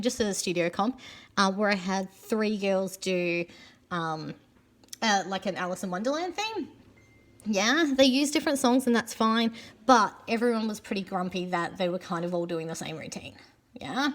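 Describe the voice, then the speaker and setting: A young woman giving chatty, casual advice in a vlog, often checking in with "yeah?" and filling pauses with "um". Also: medium pitch. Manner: chatty, frequent "yeah?" tag questions and ums. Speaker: pole and aerial competition vlogger.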